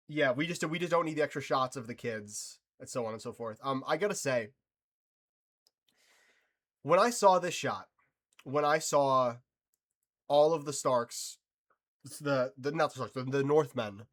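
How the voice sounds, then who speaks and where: A man's voice: fairly high pitch, fairly bright tone. A man giving casual reaction commentary on a TV episode, exasperated and swearing, often trying to compose himself after fits of laughter.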